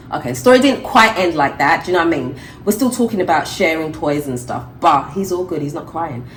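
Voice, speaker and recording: A woman's voice: deep voice, expressive, moderate pace, slight background noise, low-quality recording. A middle-aged woman, chatting and laughing to camera as a vlogger, recorded on a handheld phone. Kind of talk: casual chat to camera. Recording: music playing over the voice.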